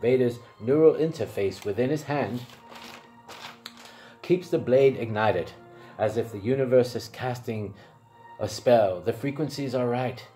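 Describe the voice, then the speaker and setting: Guy narrating his own role-play story, rambly, fixes words midway, mid voice, soft music behind. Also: mid-range voice, unhurried, pauses often. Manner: rambling, with self-corrections. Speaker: storyteller, channel host.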